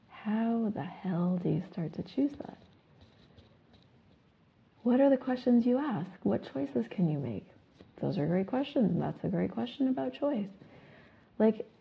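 A woman hosting a self-help talk show, asking her listeners questions and reciting a repeated clearing statement. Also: mid-range voice. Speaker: host. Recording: phone-like narrow sound.

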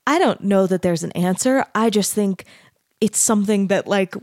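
A woman's voice: medium pitch, moderate pace, darkish tone, no echo, clean studio sound. A woman hosting her own podcast, musing aloud with open questions and lots of "like". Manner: musing, asks open questions, heavy use of "like". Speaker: podcast host. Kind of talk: casual conversation.

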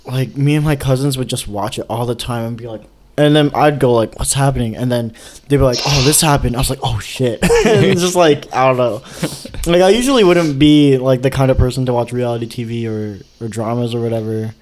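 A man's voice: mid-range voice, a little fast, a little mellow. Rambling casual male podcast host. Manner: rambling, lots of "like" fillers. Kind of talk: casual chat.

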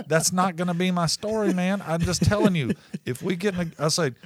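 A man's voice: high voice, moderate pace, no echo. A man co-hosting a podcast, telling a long story in casual chat, swearing often and laughing mid-sentence. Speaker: podcast co-host.

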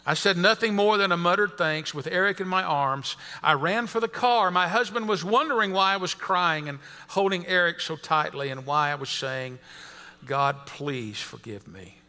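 High-voiced preacher in a reverberant hall. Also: male voice, normal speed, hardly any pauses, pushed and bright. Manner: preaching, reading a story aloud to the congregation. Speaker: pastor. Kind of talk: sermon.

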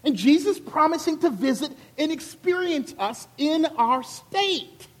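A male pastor from Charleston, South Carolina, with a Southern accent and a high voice, preaching a sermon in an animated, colloquial storytelling way. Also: measured pace, big-room sound.

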